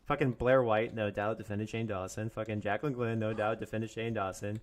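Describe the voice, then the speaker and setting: A man's voice: fairly low pitch, steady tone, moderate pace, slight background noise. Angry, profane young man ranting on stream. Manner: angry, profane, mocking, laughs often; mimics others in mocking voices. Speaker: YouTuber live streamer. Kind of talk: profane live-stream rant.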